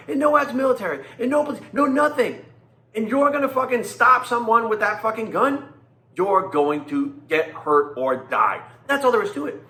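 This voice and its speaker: A man in his forties rants bluntly and angrily, swearing constantly and hammering his points home by repeating them. His voice sits high and sounds sharp and forceful. The sound carries a roomy echo. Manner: blunt, angry and profane, repeating himself for emphasis. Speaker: fitness coach and vlogger. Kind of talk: profane ranting monologue.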